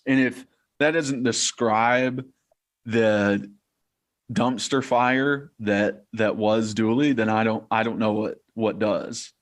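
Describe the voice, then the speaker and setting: A man's voice: on the low side, slow. Storytelling young man podcaster. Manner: storytelling, animated, swears freely. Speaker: podcast co-host, former player. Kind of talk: casual chat.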